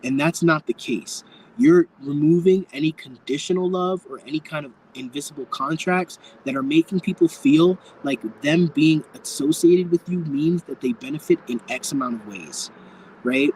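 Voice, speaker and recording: A man's voice: a little high, moderate pace, a little mellow, slight background noise, poor audio. A man giving a live tarot reading to viewers, speaking frankly and campily, calling people darling and swearing freely. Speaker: tarot reader.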